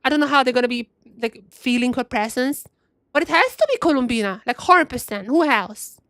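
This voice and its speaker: A young woman streaming a game and commentating emphatically, repeating herself and brushing off ideas quickly. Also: high-pitched, animated, a bit bright, no room sound. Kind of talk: live gameplay commentary.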